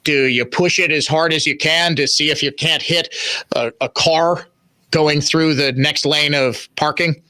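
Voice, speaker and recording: A middle-aged man hosts talk radio, pressing each point with emphatic repetition. His voice sits a little high and rings bright and forceful. The studio sound is close and dry. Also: steady tone, unhurried, dry recording. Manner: emphatic, repeats phrases for stress. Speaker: radio talk show host. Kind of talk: opinionated talk radio monologue.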